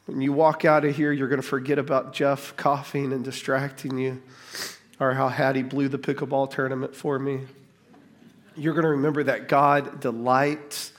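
A middle-aged man preaching a sermon to a church congregation, casual and joking, building to excited emphasis. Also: medium pitch. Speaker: pastor.

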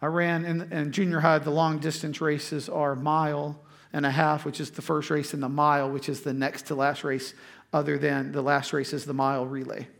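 A man's voice: a little high, level tone, moderate pace, vocal fry, fairly bright tone. A man preaching, telling a personal story in a conversational way before turning to scripture. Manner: conversational storytelling, frequent restarts. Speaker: pastor.

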